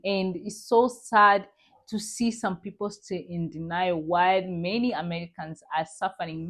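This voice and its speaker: A woman hosting a reaction vlog, delivering indignant commentary and repeating her points to her viewers. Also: on the low side.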